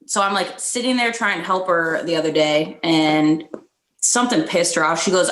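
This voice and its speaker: A woman's voice: fairly low pitch, moderate pace, a bit bright. A woman guest on a podcast who chats candidly and bluntly, laughing often. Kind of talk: casual conversation. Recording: echoey room sound.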